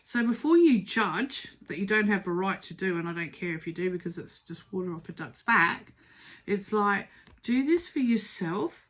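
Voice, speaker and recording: A woman's voice: medium pitch, expressive, moderate pace. A middle-aged woman giving a casual spoken tarot reading, emphatic and urging, repeating words for stress. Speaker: tarot reader.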